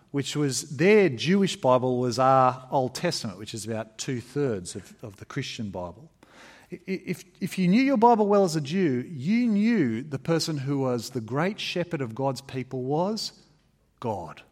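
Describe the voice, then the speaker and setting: A man preaching a sermon in an emphatic, conversational way, with fillers and restarts. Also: measured pace. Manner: expressive, emphatic preaching with varied pitch. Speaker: pastor.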